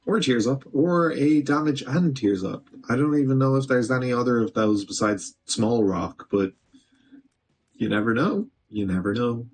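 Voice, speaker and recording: A man's voice: mid-range voice, moderate pace, darkish tone, breathy edge. A man streaming gameplay, chatting casually and talking back to the game, with an occasional swear. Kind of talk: live gameplay commentary.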